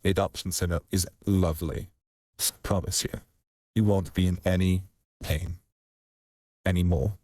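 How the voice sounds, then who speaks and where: Deep, husky man, gentle in character. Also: little pitch movement, unhurried, pauses often, dry recording, clean studio sound. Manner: gentle, reassuring. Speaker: player. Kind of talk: in-character tabletop role-play.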